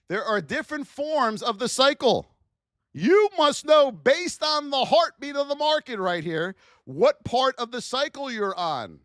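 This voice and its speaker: Woman trading teacher, high pitch, unhurried but animated and scolding, dry close sound. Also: dry recording. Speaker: trading educator. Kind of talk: live-streamed trading lesson.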